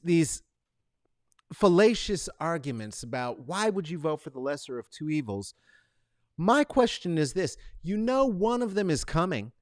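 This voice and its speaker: A male show host giving casual solo commentary from a corner of his apartment set up as a studio, emphatic and profane, swinging between loud outbursts and low muttering. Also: no echo.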